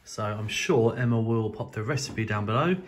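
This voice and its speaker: A man's voice: fairly low pitch, moderate pace, slight background noise. A man chatting cheerfully in a casual family vlog. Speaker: vlogger, birthday boy.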